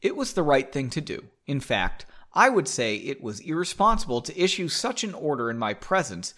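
A man voicing a composed young woman who speaks calmly and definitively. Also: on the high side, moderate pace, slight background noise. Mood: firm. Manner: calm, definitive.

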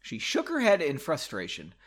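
A man reads his own novel aloud with a bright, lively voice that swings widely in pitch. He keeps breaking off to poke fun at his own sentences and word choices. His voice sits a little high for a man. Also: normal speed. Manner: self-mocking, stops to comment on his own writing. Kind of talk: reading aloud with chatty asides.

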